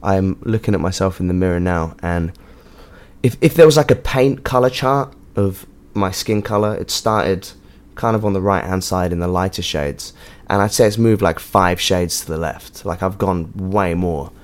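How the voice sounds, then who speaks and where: An English man with a fairly low voice hosts his own show from a hotel room, talking off the cuff at a normal speed. A podcast host and touring musician, he wanders between thoughts, swears freely and fills pauses with ums and likes. The casual monologue feels loose and jokey, like a one-person chat.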